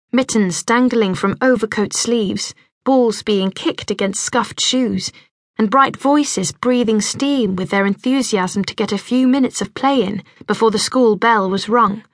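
Woman narrator, audiobook reading, gentle measured delivery, somewhat high voice, dry close sound. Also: no echo. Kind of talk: scripted narration.

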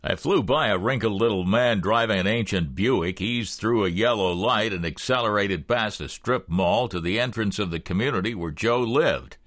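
A man narrating a thriller audiobook in the first person with expressive storytelling. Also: lowish voice, normal speed, hardly any pauses, dry recording, studio quality.

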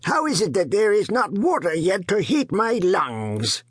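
A man's voice: high-pitched, very animated, unhurried, fairly bright tone, breathy edge, no room sound, clean studio sound, voice pushed up, full character voice. A man putting on a wheezing, stingy old peasant father. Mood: complaining. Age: older.

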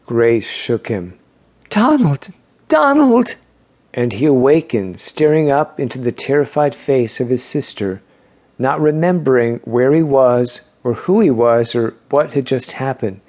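A male audiobook narrator reads scripted narration slowly in a medium-pitched voice. His storytelling is measured and even.

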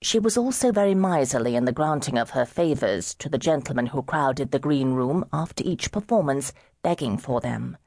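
A woman narrating an audiobook in a measured, wry storytelling manner. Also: very deep voice, animated, warm tone, dry recording, clean studio sound.

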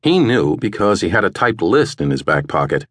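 A man narrating an audiobook in a measured, even way, recorded in a studio. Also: deep voice, no room sound. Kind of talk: scripted narration.

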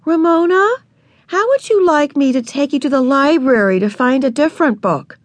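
A woman's voice: sits high, animated, moderate pace, no room sound, pitched above the performer's own voice. A woman voicing a prim, patient older sister, about nine, who sounds worn out and cross with her little sister. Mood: coaxing. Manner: exasperated, prim.

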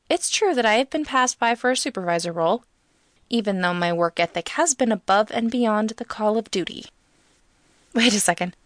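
A woman narrating a first-person comic novel in a lively, expressive, wry way. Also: lowish voice, no room sound, clean studio sound. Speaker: audiobook narrator.

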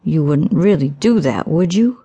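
A woman's voice: lively intonation, measured pace, dark tone, full character voice. A woman doing a suave, smug young suitor. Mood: smooth coaxing. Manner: suave, low, smooth coaxing. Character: smug, manipulative young man, a jilting suitor.

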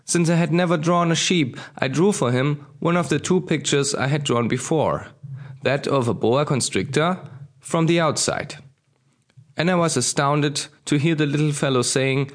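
Man reading a storybook, measured and grave. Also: medium pitch, lively intonation. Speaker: audiobook narrator. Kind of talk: scripted audiobook narration.

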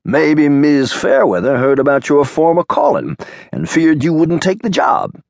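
A dry, teasing partner from an audiobook, voiced by a man. He speaks slightly up from the narrator's base, with a lively lilt. The recording is dry and close. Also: on the high side, unhurried, creaky, dry recording, pitched above the performer's own voice, exaggerated voice. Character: Boz, wry male sidekick, teasing. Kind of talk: audiobook character voice.

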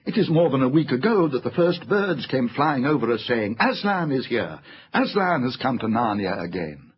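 Man doing a bold, commanding storybook king, lively and raised, slightly dull lo-fi sound. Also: medium pitch, normal speed, slightly rough. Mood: eager. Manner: eager, commanding, flares into anger. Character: noble young male king, ardent and fierce. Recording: slightly dull lo-fi audiobook recording.

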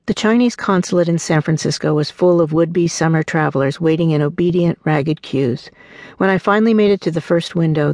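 A woman narrating her own memoir as an audiobook, telling the story in an earnest, warm way and voicing the people in it. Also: sits low, creaky, dry recording, clean studio sound.

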